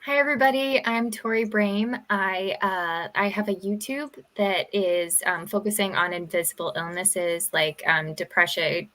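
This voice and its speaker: A young woman panelist introducing herself with halting speech and many fillers on a video call. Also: mid-range voice, fairly even intonation, sharp tone, poor audio. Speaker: panelist, YouTuber.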